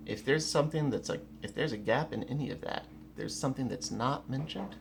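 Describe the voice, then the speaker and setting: Man at home explaining melee tactics; gravelly, mid-range voice, blunt and repetitive. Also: mid-range voice, a little fast, noisy background. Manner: emphatic, blunt, repeats key words, restarts often. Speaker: rapier melee instructor. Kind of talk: casual instructional talk to camera. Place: at home, indoors.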